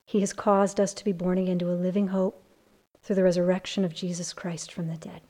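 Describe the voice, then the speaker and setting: A woman teaching a Bible study to a group of women, earnest and building from hushed to emphatic. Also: lowish voice, level tone, brisk.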